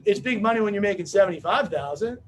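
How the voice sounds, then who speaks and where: A man giving a motivational business seminar talk, brash and joking, telling rapid-fire stories to a room. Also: sits high, expressive, fairly bright tone, slight background noise. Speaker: business opportunity speaker.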